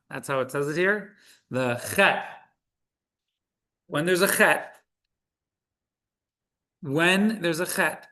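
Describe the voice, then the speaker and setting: Over a video call, a man with a bright, forceful, rather high voice teaches an online Hebrew reading class. He patiently sounds out syllables one at a time.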